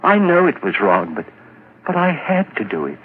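An actor playing a nervous, guilt-ridden murderer in an old radio drama, stammering and rising to hysteria. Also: male voice, mid-range voice, wildly swooping pitch, moderate pace. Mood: earnest. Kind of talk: 1940s radio acting. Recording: muffled old radio broadcast, hiss.

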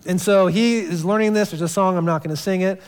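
A man's voice: high voice, fast, smooth. A man in his thirties, a pastor giving a sermon in a church, telling stories casually and often restarting his phrases. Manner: casual storytelling with repeated restarts. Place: church sanctuary. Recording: long church hall reverb.

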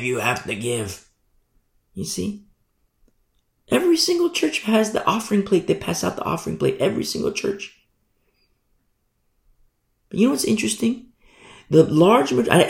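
A man's voice: mid-range voice, gravelly. A male pastor preaching a sermon, emphatic and full of rhetorical questions. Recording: roomy echo.

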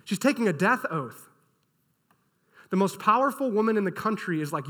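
A man preaching a sermon as pastor, telling a scripture story in an energetic, casual and animated way. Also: sits high, normal speed, long pauses. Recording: long hall reverb.

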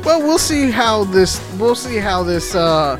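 A man's voice: high-pitched, very animated, measured pace, over music. A man running a tabletop game as game master, talking with hesitant fillers.

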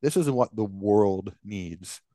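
A man's voice: lowish voice, slow pace, warm tone, no echo, clean studio sound. A man hosting a podcast who rambles casually in a conversational rant, with lots of restarts. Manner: rambling, many fillers and restarts. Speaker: podcast host.

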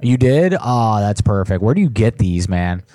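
A man's voice: fairly low pitch, very animated, normal speed, mellow, no room sound, clean studio sound. A man hosting a prank call livestream, reading viewer messages aloud in laid-back banter. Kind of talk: casual livestream chat.

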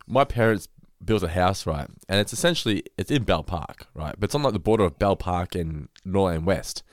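A man's voice: low-pitched, lively intonation, fairly quick, dry recording, studio quality. A man, co-hosting a podcast in a chatty, laughing manner. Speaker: podcast co-host. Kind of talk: casual chat.

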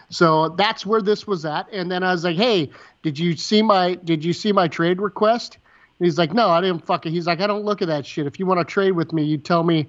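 A man with a fairly high voice rattles through a story at speed, quoting the other people in it word for word and swearing freely. The recording sounds dull and lo-fi, as if the sound has been muffled. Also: fairly bright tone. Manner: fast, repetitive retelling with quoted dialogue and swearing. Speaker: podcast co-host. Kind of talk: casual storytelling chat.

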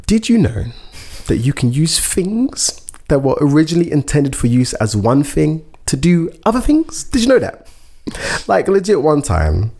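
A man with a creaky, medium-pitched voice chats casually while telling a funny story. He laughs as he goes and acts out the things people said.

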